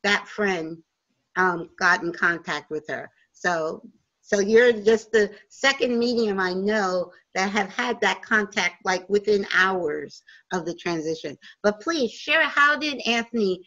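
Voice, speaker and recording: Woman host, radio interview, bright and a bit high, affirming, lo-fi call sound. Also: unhurried. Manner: affirming, frequent "yes". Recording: lo-fi call audio.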